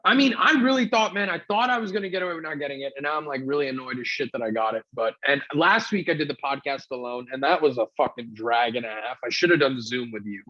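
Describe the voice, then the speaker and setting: A man's voice: mid-range voice, lively intonation, fast talker, hardly any pauses, bright, forceful tone. A man from New City, sick with covid, telling a rambling, profane story as a comedy podcast host. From New York City. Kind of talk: casual storytelling chat. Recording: dull lo-fi sound.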